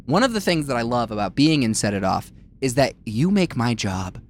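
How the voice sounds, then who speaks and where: Rambling man with an animated voice. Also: medium pitch, a little fast. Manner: rambling, trailing off, with many ums and restarts. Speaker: drummer and podcast co-host. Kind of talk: casual chat.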